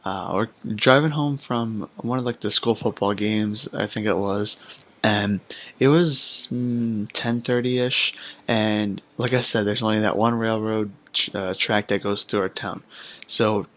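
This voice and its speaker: A man's voice: fairly low pitch, steady tone, unhurried, a bit bright. Young male podcast host, chatty and meandering, full of fillers. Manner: hesitant, rambling with many fillers. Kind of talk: casual chat.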